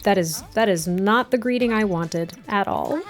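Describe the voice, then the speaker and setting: Woman game narrator, chatty and effusive, mid pitch. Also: normal speed. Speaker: gaming content creator. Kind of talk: casual gameplay narration.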